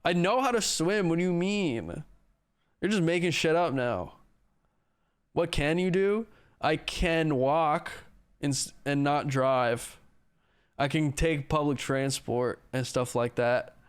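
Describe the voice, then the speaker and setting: Slow, clear-voiced joking male streamer. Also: on the high side. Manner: joking, profane, self-mocking. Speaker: livestreamer. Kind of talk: casual livestream chat answering viewers.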